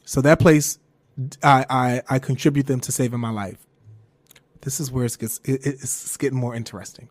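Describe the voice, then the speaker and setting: A young man hosting a podcast and telling a personal story in casual chat, swearing freely, laughing as he goes and jumping into a high falsetto when he quotes himself. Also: steady tone, moderate pace. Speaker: podcast host.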